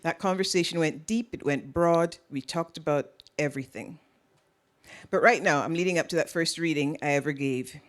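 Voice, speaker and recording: Author at a lectern: Jamaican-born woman, gently Caribbean accent, deliberate and measured delivery. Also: low voice. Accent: Caribbean, tempered by years in Canada. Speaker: author giving a keynote talk. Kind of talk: prepared lecture. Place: lecture hall at a public event.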